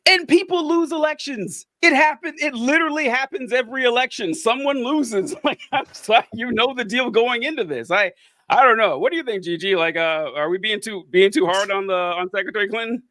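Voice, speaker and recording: A man's voice: very high voice, fairly quick, sharp tone. A man co-hosting a podcast, talking politics casually, rambling with fillers and sarcastic asides. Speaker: podcast co-host.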